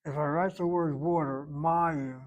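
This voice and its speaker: A man teaching a Hebrew grammar class, explaining slowly and repeating words for the students to hear. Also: fairly high pitch, steady tone, highs cut off.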